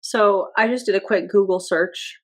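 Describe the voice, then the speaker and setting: A woman's voice: mid-range voice, normal speed. A woman talking casually as she reacts to old footage, in an everyday mid-range voice. Her asides are dry and sarcastic, tossed off to her viewers.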